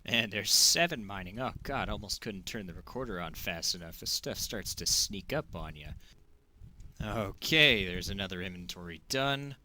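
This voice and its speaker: A man giving excitable gameplay commentary, exclaiming and joking as he plays. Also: deep voice, normal speed, a little hiss or hum. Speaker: gaming video creator.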